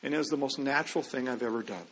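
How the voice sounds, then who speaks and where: A man's voice: medium pitch, racing, a bit bright. A middle-aged man giving an earnest, conversational testimony as a Christian businessman, with quoted dialogue. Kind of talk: storytelling testimony. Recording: long hall reverb.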